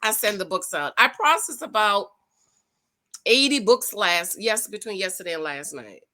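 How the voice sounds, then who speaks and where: A woman hosts her own dating-advice show, speaking directly to viewers with sassy, preachy, casual reaction commentary. Her mid-range voice is expressive, bright and forceful, at a moderate pace.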